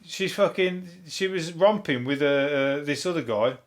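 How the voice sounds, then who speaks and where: Deadpan sweary Brummie man. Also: a little high, unhurried. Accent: Birmingham. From Birmingham, England. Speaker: comedy podcast host. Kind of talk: solo comedic news commentary.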